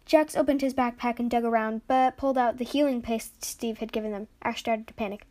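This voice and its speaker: Woman, reads children's story aloud, lively storyteller, fairly high voice. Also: normal speed. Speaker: story reader.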